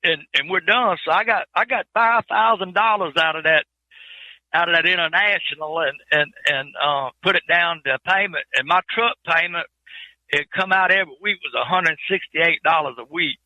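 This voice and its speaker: A man's voice: a little high, moderate pace, pushed and bright, no echo, dull audio. A man telling his trucking life story in an interview, in plain folksy speech with many repeated words.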